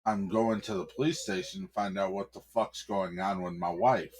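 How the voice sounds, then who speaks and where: A man voicing a blunt, angry male hero in an improvised story, in a low, clipped voice close to his own. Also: fairly even intonation, normal speed, slightly rough.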